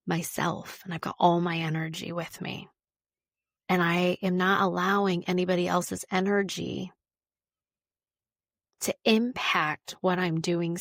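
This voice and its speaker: A woman's voice: fairly low pitch, no room sound, clean studio sound. A woman hosting a wellness podcast, talking casually and informally and repeating words for emphasis.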